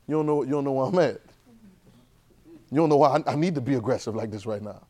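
A man teaching a church Bible class, lively and conversational, repeating phrases and asking the class questions. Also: mid-range voice, quick pace.

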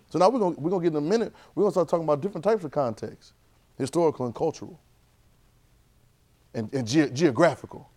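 A man teaching a church Bible class, lively and conversational, repeating phrases and asking the class questions. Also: a little high, fast talker, pauses often.

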